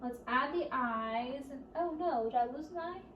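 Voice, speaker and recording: A woman leading a children's storytime at a library, speaking slowly and encouragingly and asking the children questions as she goes. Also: high voice, lo-fi sound, a little hiss or hum. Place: library room. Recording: roomy, distant camera audio.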